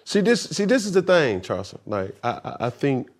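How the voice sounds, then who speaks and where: Man pushing back with a lively voice. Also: a little high. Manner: measured, gently pushing back. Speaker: interviewer. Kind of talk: podcast interview.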